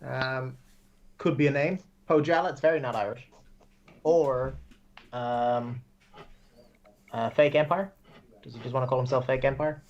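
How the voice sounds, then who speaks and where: A man's voice: mid-range voice, fairly even intonation, unhurried, long pauses, dull audio. A man joining a tabletop game as a player, joking and chatty. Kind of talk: casual chat.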